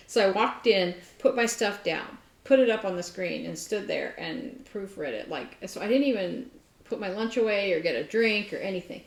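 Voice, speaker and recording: A woman co-hosting a casual crafting chat, telling a workplace story with lively asides and self-mocking laughter. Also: mid-range voice, normal speed. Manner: animated storyteller, laughs at herself. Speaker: podcast co-host. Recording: roomy echo.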